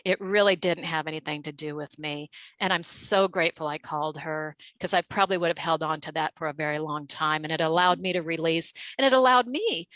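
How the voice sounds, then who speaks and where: A woman's voice: low-pitched, fairly bright tone, no echo, poor audio. Chatty woman telling a story. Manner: chatty, many fillers, acts out quotes. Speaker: guest. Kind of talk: casual storytelling.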